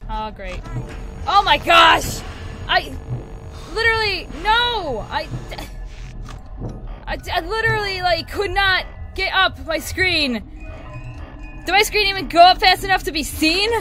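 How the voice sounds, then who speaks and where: A young woman hosting a let's play of a horror game, chattering excitedly and shrieking at scares. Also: extremely high pitch, unhurried, pauses often. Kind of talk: excitable gameplay commentary. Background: game music.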